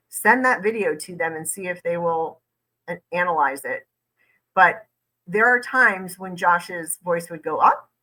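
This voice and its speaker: A woman lawyer talks through a case in casual commentary, leaning hard on key words and repeating them. Her voice sits a little low but comes across bright and forceful. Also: rough recording. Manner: conversational, emphatic, repeats points for stress. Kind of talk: reaction commentary.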